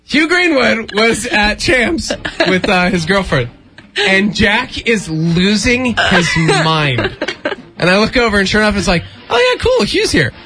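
A man's voice: high-pitched, measured pace. A man in his thirties telling a story in casual chat and acting out the voices of the people in it. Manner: animated, acts out voices in anecdotes.

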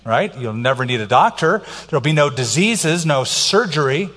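Middle-aged male pastor, emphatic sermon delivery, slightly high voice, big reverberant hall. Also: expressive, normal speed, fairly bright tone. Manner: emphatic preaching, varies pace for effect.

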